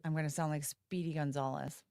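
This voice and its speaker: A woman's voice: low voice, fairly even intonation, brisk, vocal fry, warm tone, dry recording. A woman hosting a casual livestream, rambling and interrupting herself as she talks to viewers through her phone. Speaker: livestream host.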